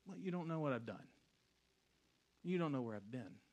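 Male pastor, thirties, casual sermon, animated, hushed then loud, mid-pitched voice. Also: normal speed.

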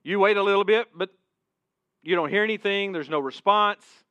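A male preacher tells a sermon story in the second person and drops to a hush at key points. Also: high-pitched, moderate pace, dry recording. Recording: dull, dry sound.

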